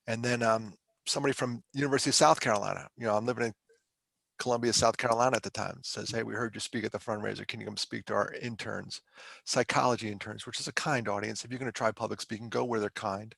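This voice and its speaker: Gravelly-voiced man telling his story. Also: on the low side, steady tone, quick pace, fairly bright tone, no echo. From Pennsylvania. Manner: conversational, emotional, self-deprecating. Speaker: podcast guest, mental health speaker. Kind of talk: candid interview storytelling.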